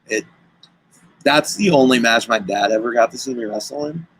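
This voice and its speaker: A man's voice: medium pitch, moderate pace, breathy edge, rough recording. A man, a guest wrestler, telling stories in casual chat and acting out the lines of the people in them. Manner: animated, acts out quoted dialogue.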